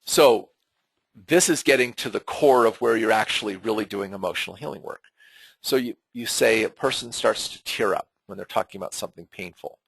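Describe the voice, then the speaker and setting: Husky, gravelly man explaining earnestly. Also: on the low side, fairly quick, no room sound, rough recording. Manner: conversational and earnest, with frequent fillers and repeated words. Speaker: teacher of an online member webinar. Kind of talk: unscripted webinar teaching.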